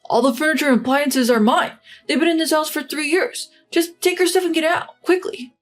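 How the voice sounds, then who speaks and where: A woman voicing a pushy, angry husband who talks in sharp, demanding bursts in a story narration. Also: extremely high pitch, steady tone, fairly quick, soft background music. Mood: indignant.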